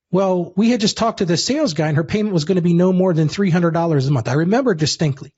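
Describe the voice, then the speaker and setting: A man telling a personal story in a lively, casual way as a guest, calling the listener "dude". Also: on the high side, quick pace, hardly any pauses, husky, dull audio. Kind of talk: animated storytelling.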